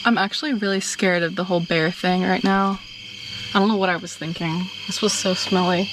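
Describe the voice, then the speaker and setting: A woman's voice: fairly low pitch, fairly even intonation, moderate pace, very noisy. A young woman vlogging alone at a campsite at night, nervous and laughing at herself as she talks to her phone camera. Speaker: solo camper filming herself. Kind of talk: casual vlog. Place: campsite in the woods at night, outdoors. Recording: outdoor night recording with loud crickets. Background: loud crickets, frogs and insects.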